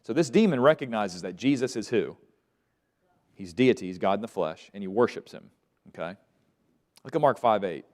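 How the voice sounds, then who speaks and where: A man's voice: fairly low pitch, animated, moderate pace, long pauses, darkish tone. A man teaching a Bible lesson to a class, asking questions and letting them fill in the answers. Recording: long reverb of a large room.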